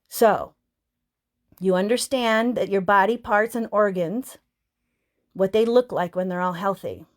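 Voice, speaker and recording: A woman in her fifties giving an earnest live-stream talk on self-healing, speaking straight to her viewers. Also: mid-range voice. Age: 50s. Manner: earnest, repeats herself, speaks straight to the audience. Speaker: self-healing teacher and host.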